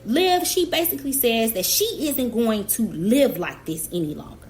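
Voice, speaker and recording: A woman's voice: a little high, sing-song, moderate pace, darkish tone, a little hiss or hum. A young adult woman hosting a reaction channel, chatting casually and emphatically to her viewers and speaking straight to the person she reacts to. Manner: chatty, emphatic, talks directly to the absent subject.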